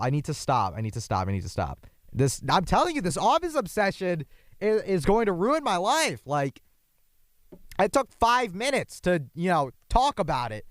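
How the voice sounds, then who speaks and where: A young man hosting a podcast, his voice hoarse from yelling, rambling in a casual, self-deprecating monologue with jumpy asides. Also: high-pitched, no room sound, clean studio sound. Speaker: podcast host. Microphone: microphone.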